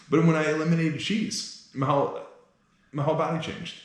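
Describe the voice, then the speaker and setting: A man hosting a casual interview, telling animated, self-mocking stories and laughing often. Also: on the high side, fairly quick. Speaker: host. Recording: very echoey room.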